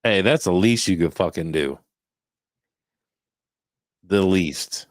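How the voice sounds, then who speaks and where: A man's voice: low-pitched, expressive, takes it slowly, no echo, studio quality. A man co-hosting a podcast in casual chat, blunt and emphatic, swearing freely. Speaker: podcast co-host.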